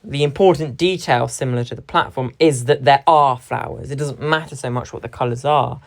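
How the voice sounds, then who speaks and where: A woman's voice: a bass voice, a little fast. A young woman, a drama performer, giving a reflective talk about how a stage scene is split between actors. She is analytical and stresses key words when she quotes lines.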